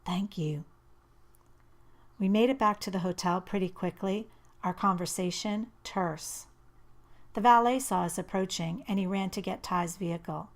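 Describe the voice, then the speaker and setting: A woman narrating a first-person novel as an audiobook, in an intimate, measured and expressive reading. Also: medium pitch.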